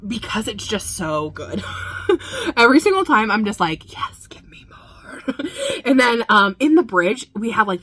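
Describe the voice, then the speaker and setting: A woman's voice: medium pitch, a bit bright. A woman hosting a music video reaction, talking casually and gushing with enthusiasm, full of fillers.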